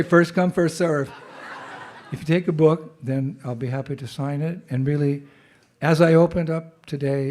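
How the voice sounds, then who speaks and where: A monk with a cold giving a humorous, conversational temple talk as guest speaker. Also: male voice, medium pitch, gravelly, darkish tone, breathy edge. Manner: humorous storyteller, loose and conversational. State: has a cold. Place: temple hall.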